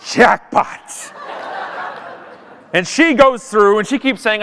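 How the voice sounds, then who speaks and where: A man's voice: high voice, sing-song, unhurried, bright, forceful tone, clean tone. A Canadian man telling a comic travel story as a conference speaker, self-mocking and acting out the people in it. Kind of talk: comedic keynote storytelling. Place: conference stage before a live audience.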